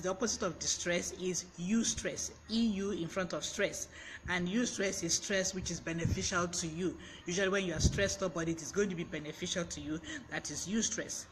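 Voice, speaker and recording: Guy doing a live vocab lesson, bright forceful voice, greets viewers as he goes. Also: sits high, a little hiss or hum. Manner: explains and spells words out letter by letter. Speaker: host teaching vocabulary.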